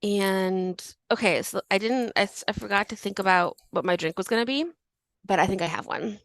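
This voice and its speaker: A woman co-hosting a podcast, chatting playfully and laughing with her co-host. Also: mid-range voice. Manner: quick, giggly, playful. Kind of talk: casual chat.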